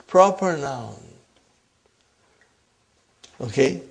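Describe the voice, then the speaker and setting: A man teaching an Arabic grammar class, slowly reading example sentences, repeating key terms and often checking that the class follows. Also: fairly high pitch, animated, a little mellow. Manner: checks understanding with frequent questions.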